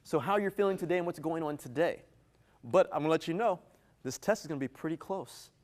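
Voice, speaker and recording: High-voiced energetic male keynote speaker. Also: fast. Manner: energetic, playful, teasing the audience. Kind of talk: interactive live keynote. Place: event venue with a live audience.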